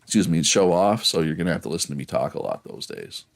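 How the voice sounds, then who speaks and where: A man's voice: low-pitched, sing-song, quick pace, vocal fry. A man from Prince Edward Island with a local accent, chatting casually and rambling while streaming a game and reading chat. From Prince Edward Island, Canada.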